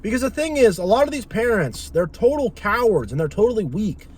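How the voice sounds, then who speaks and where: A man's voice: high-pitched, very animated, brisk, husky. A young man talking in a casual, opinionated and rambling monologue as a channel host. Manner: opinionated, rambling, acts out quoted voices.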